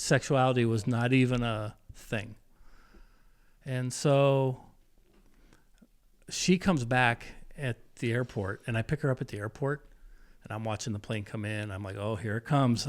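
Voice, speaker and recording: Candid man in his fifties, halting. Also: medium pitch, steady tone. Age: 50s. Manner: emotional, candid, halting with restarts. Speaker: podcast guest. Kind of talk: personal storytelling interview.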